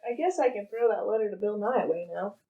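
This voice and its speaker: A woman's voice: mid-range voice, expressive, fast, phone-quality sound. A woman playing a tabletop game, making dry wisecracks. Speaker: player. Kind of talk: casual tabletop play.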